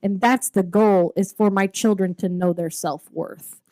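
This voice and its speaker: A woman's voice: medium pitch, steady tone, measured pace, warm tone, dry recording, clean studio sound. A woman around forty talking candidly in a casual podcast chat, rambling with restarts and fillers. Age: 40s. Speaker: podcast co-host.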